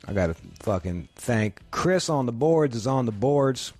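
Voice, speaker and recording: A man's voice: medium pitch, lively intonation, measured pace, no room sound, soft background music. A man hosting a radio show, riffing in a crude, profanity-laden, joking way. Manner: profane, loud, laughing. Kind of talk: crude comedic radio banter.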